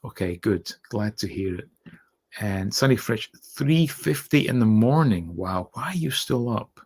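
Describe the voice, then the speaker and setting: A Scottish man with an accent softened by years abroad, hosting a late-night livestream and reading out viewer comments in a rambling, halting way. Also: fairly low pitch, animated, breathy edge. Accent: Scottish, softened by years in North America. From Scotland. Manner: rambling, halting, lots of uh and restarts, thanks viewers. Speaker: livestream host.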